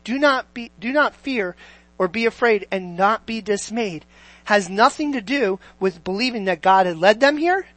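A preacher delivering a sermon in a middle-pitched voice. The delivery keeps asking the listeners questions and swings from forceful to almost hushed. The sound is dry and close, with no room echo. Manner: asks the listeners many questions, sweeping between loud and quiet.

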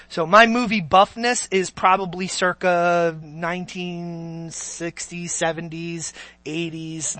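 A man's voice: sits high, bright, forceful tone, no room sound. A man preaching a sermon as pastor, talking conversationally to his congregation and often checking in with "Amen?" and "okay?".

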